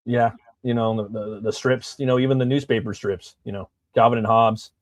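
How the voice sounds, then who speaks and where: A man's voice: mid-range voice, fairly even intonation, brisk, no echo. A man who is a guest comic artist, chatting in a laid-back way with many "you know" fillers. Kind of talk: casual chat.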